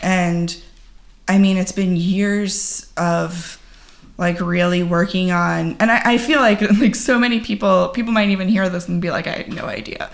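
A woman guest speaking candidly and earnestly in conversation, halting often and filling pauses with "like.". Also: fairly low pitch, fairly even intonation. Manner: earnest, halting, full of "like" fillers. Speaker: podcast guest. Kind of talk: candid personal account in conversation.

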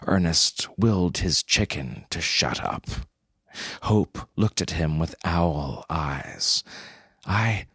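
A man narrating a story in a dry, deadpan way. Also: very deep voice, slow, creaky, husky, dry recording.

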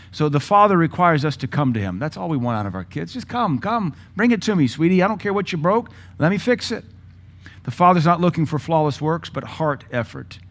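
Man, 30s, pastor, sermon, blunt, folksy, mid-pitched voice. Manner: folksy, blunt preaching with acted-out quotes of his kids.

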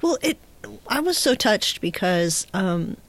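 A woman host responding to her guest in a halting, thoughtful way. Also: medium pitch, sing-song, dry recording. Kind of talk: interview conversation.

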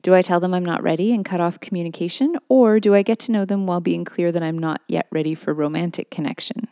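A woman's voice: on the low side, quick pace, dark tone, no room sound. A middle-aged woman co-hosting a podcast in casual chat, with dry, teasing humor. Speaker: podcast co-host.

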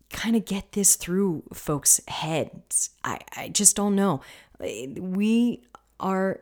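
A woman's voice: lowish voice, expressive, slow pace, darkish tone. A woman hosting a podcast as a coach, talking casually and passionately, swearing freely and sometimes dropping into a whisper.

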